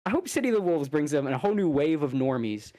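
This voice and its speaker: Man, podcast co-host, angry profane rant, fast bursts, voice jumps high when heated. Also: big pitch swings. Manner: fast bursts and sudden loud jumps in pitch.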